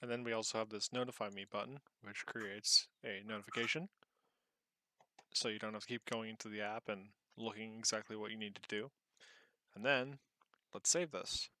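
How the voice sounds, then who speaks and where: A young man, a student presenter, casually guiding listeners through each step of a software demo. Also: fairly low pitch, fairly even intonation, normal speed, dry recording.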